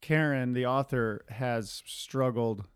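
A man in a casual film chat, eagerly retelling a plot and jumping into quick acted quotes. His voice sits at a middle pitch, recorded close and dry with no room sound. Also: clear, resonant tone, no room sound. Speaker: podcast co-host.

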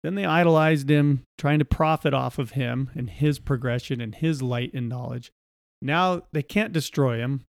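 A man co-hosting a podcast in casual chat, animated and laughing as he recounts film scenes. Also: mid-range voice, moderate pace, vocal fry, no room sound, studio quality. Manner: animated, laughs while reading out film dialogue. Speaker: podcast co-host.

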